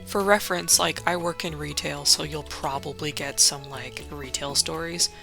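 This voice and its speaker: A woman's voice: low voice, fairly even intonation, moderate pace, creaky, over music. A young woman hosting a laid-back game playthrough, rambling and swearing, full of fillers. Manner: rambling, profane, full of likes. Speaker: let's play host. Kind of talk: casual gaming commentary.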